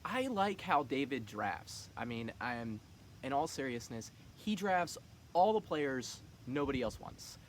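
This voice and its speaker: A man with a mid-range, sing-song voice speaks at a measured pace, running a fantasy football league and casually teasing the other players with cocky trash talk. There's a little hiss or hum in the recording.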